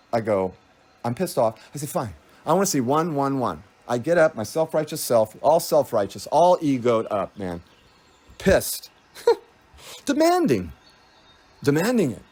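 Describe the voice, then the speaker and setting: Man, rambling spiritual monologue, fairly high voice, lots of pitch swings, meandering. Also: a little mellow. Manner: meandering, laughs often, trails off and restarts. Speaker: spiritual speaker.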